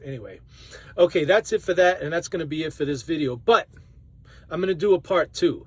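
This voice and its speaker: Man, New Orleans accent, truck driver vlog, casual animated chat, fairly high pitch. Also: a little fast, breathy edge, dry recording. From New Orleans, Louisiana. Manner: chatty and animated, laughs often. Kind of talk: casual vlog talk to camera.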